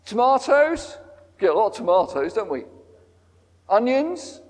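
A man's voice: sits high, very animated, measured pace, darkish tone. A man leading a harvest service, chatting and asking the congregation questions as he goes. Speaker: church leader at a harvest service. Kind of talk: interactive talk to a congregation. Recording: long reverb of a large hall.

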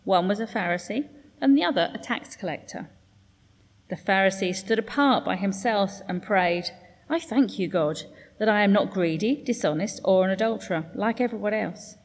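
Woman reading scripture in a reverberant church. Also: medium pitch. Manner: measured, formal reading. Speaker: scripture reader.

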